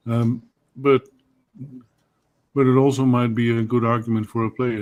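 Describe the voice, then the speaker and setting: Hesitant man in a flat voice. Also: medium pitch, normal speed, long pauses. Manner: hesitant, many fillers. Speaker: panelist. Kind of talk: casual sports chat.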